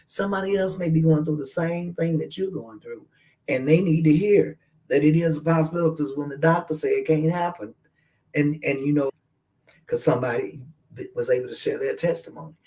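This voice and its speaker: A man's voice: on the high side, darkish tone, poor audio. Earnest man hosting a faith radio show. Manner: earnest, encouraging, inviting listeners to share. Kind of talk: casual radio talk.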